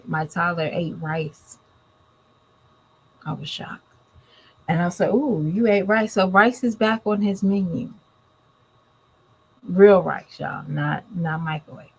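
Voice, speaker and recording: A woman's voice: fairly low pitch, fairly bright tone, breathy edge, poor audio. Blunt woman vlogger with a drawl. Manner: blunt, scolding, talks straight to viewers. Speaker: commentary vlogger. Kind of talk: casual opinion commentary.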